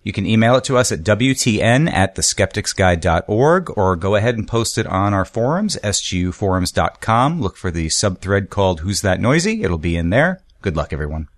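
A man's voice: lowish voice, big pitch swings, normal speed, few pauses, no room sound. A man hosting a podcast in casual chat, wry and easygoing. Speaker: podcast host.

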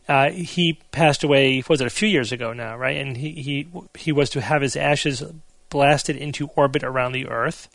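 A man hosting a casual podcast news segment, steadily walking through the news items with relaxed asides. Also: mid-range voice, no room sound. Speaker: podcast host.

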